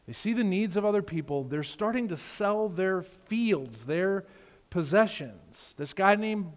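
A man's voice: sits high, animated, unhurried. Male pastor preaching in a reverberant hall. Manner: storytelling with voiced characters, conversational asides. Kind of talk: sermon. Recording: long reverb of a large hall.

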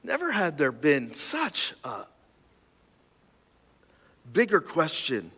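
A man's voice: fairly high pitch, wildly swooping pitch, slow, bright, forceful tone, husky, long reverb tail. A man preaching a sermon as a pastor, talking conversationally with self-deprecating asides and stammered restarts.

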